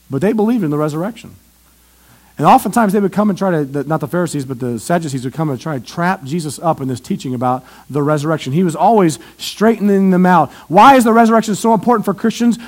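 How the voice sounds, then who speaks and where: In a church, a man with a high-sitting voice preaches an evangelistic sermon, posing questions and then answering them. He swings between loud emphasis and hushed asides.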